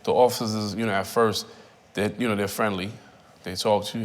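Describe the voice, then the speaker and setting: A man in his thirties giving personal testimony in a reflective, halting way, often repeating phrases. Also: fairly low pitch, fairly even intonation. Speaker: interviewee. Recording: reverberant room.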